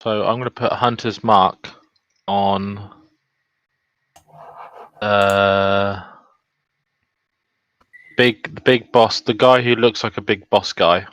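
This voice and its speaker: Lowish, dry-voiced man thinking aloud. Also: fairly even intonation, slow pace, long pauses, fairly bright tone, smooth, dry recording. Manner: casual, thinking aloud over his moves. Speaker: player. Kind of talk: playing a tabletop game online. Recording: dry, dull home mic.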